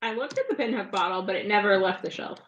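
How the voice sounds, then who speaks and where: A woman's voice: medium pitch, animated, fast, muffled recording. A woman off to the side of a livestream, cutting in with short dry remarks. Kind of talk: casual chat.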